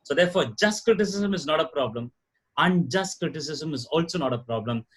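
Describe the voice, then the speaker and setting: Casting: middle-aged Indian man, husky and fairly high voice, earnest trainer who repeats his points. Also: lively intonation, fairly quick, a bit bright. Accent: Indian English. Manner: earnest, repetitive, emphatic explaining. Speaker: guest speaker, corporate trainer. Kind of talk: lecture-style talk show answer. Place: live event before an audience.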